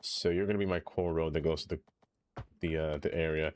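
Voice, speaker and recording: A man's voice: a bass voice, steady tone, fairly quick, darkish tone, slight background noise. A man live-streaming a city-building game, chatting casually and reading chat aloud, ranting animatedly and laughing often.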